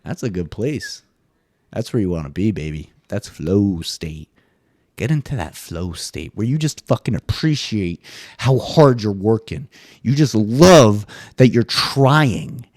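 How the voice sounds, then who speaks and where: A man hosting a casual solo podcast monologue, swearing freely and jumping into high mock voices now and then. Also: expressive, measured pace, darkish tone, dry recording, clean studio sound. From US East Coast. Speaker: podcast host.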